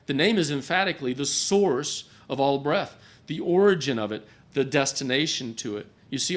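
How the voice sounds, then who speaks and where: A man teaching a Bible class at a church gathering, talking in a conversational way and often repeating a word as he restarts a thought. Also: medium pitch. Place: gathering hall.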